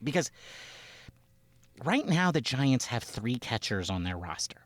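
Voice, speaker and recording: A man co-hosting a sports podcast with his brother, talking in a rambling, animated way and often acting out quotes. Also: medium pitch, a little slow, no room sound. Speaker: podcast co-host. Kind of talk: casual sports chat.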